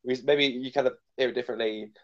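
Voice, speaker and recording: A young man co-hosting a fan livestream, thinking aloud in halting phrases and often starting over. His voice is at an ordinary pitch. The sound is dull and lo-fi. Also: steady tone. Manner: hesitant, halting, many restarts. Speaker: co-host. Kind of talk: casual fan chat.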